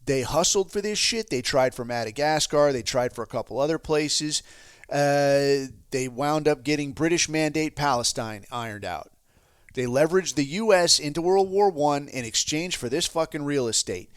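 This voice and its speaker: A man's voice: fairly high pitch, animated, normal speed, smooth, no echo, clean studio sound. A man hosting a podcast, ranting heatedly with constant swearing and sarcastic asides. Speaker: podcast host. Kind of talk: profane political rant.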